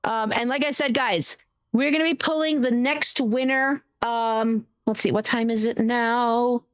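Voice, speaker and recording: A woman streamer chatting casually with her viewers, greeting them warmly by name and swearing now and then. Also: fairly high pitch, fairly even intonation, unhurried, clean tone, dry recording. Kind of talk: casual live-stream chat.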